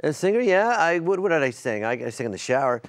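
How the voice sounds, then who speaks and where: A man, a comedian and voice actor, chatting as a TV show guest, animated and joking. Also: a little high, quick pace. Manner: animated, keeps slipping into character voices. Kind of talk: casual chat show interview.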